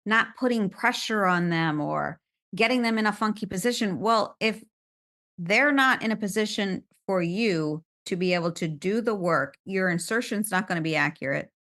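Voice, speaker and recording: A woman who teaches electrology, speaking in casual podcast chat, thoughtful and measured as she gives advice. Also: medium pitch, expressive, fairly bright tone. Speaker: electrology instructor.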